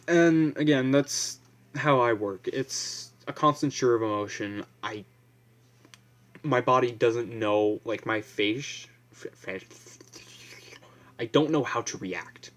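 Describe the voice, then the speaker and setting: A man's voice: medium pitch, takes it slowly, a bit bright. Young dude rambling into his phone, swears a lot, lots of "like"s. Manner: blunt, profane, rambling with lots of fillers. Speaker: vlogger. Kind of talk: casual rambling monologue.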